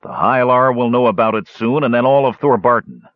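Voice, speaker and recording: A man doing a croaking, bitter old dwarf. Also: medium pitch, a little fast, no echo, phone-quality sound, voice pushed up, lightly acted. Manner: growling and bitter. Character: gruff battered old male dwarf.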